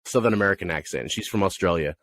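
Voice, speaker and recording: A man co-hosting a casual movie review podcast, rambling and animated, often laughing and acting out lines. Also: low-pitched, quick pace, no echo. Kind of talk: casual chat.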